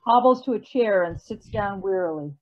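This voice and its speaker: Woman calmly reading stage directions. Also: medium pitch, normal speed, lo-fi sound.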